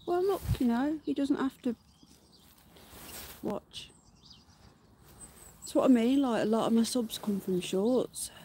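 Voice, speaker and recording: A woman's voice: a little high, lively intonation, takes it slowly, pauses often, warm tone, slight background noise. A woman hosting a casual livestream from her garden, chatting to viewers, greeting them by name and swearing offhand. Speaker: livestream host. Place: outdoors in a garden.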